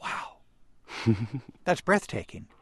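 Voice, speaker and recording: A man hosting a radio interview in an even, mid-pitched voice. He introduces and questions at a measured pace with wry asides, and the studio sound is close and dry. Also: slightly rough, dry recording. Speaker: radio host. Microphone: studio microphone.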